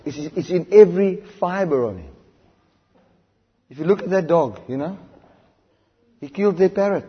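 A man preaching a sermon, switching between loud emphatic declarations and quiet low asides. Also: animated, normal speed, slightly rough. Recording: dull sound with long hall reverb.

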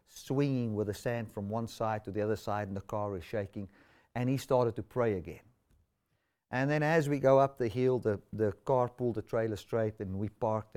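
A man preaching a sermon, telling a story and swinging between loud exclamations and quiet asides. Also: medium pitch.

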